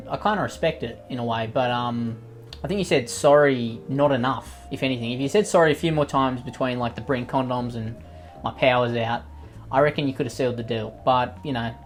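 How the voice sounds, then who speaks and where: A man's voice: mid-range voice, a little fast, soft background music. A man doing sarcastic, mocking comedy commentary, swearing freely as he reacts to posts. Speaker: commentary YouTuber.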